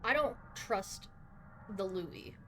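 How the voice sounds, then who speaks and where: A woman streaming a game live, talking loudly and exasperated, swearing a lot and laughing between outbursts. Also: mid-range voice, animated, slow, soft background music. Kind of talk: live gameplay commentary.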